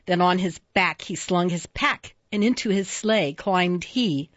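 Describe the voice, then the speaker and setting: A woman reading children's poems aloud in a playful, expressive sing-song way. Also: lowish voice, takes it slowly, hardly any pauses, no echo, dull audio. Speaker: reader.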